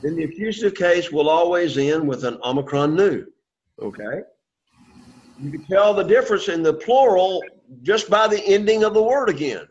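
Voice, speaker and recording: A man with a high-pitched, expressive, slightly mellow voice teaches Greek at a moderate pace, patiently having the class repeat words after him in call-and-response drills. The classroom recording is dull and lo-fi.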